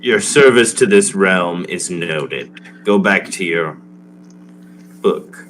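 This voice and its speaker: A man's voice: low voice, expressive, slow pace, fairly bright tone, a little hiss or hum. A man playing in a tabletop game, speaking in a formal, stately way. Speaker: player. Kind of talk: in-character roleplay.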